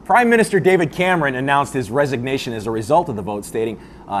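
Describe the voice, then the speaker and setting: A man's voice: medium pitch, animated, fast talker, slight background noise. A man hosting a satirical news show, delivering a sarcastic monologue and laughing at his own jokes. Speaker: host.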